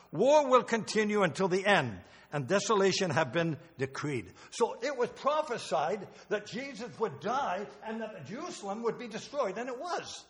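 A man's voice: high-pitched, sing-song, moderate pace, a bit bright. An older man preaching a sermon in a church, emotional and rambling, with restarts and asides. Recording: long hall reverb.

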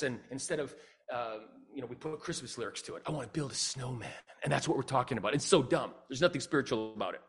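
A middle-aged man giving a humorous storytelling talk as a speaker and singer, animated and acting out dialogue. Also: husky. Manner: animated, acts out dialogue with big pitch jumps.

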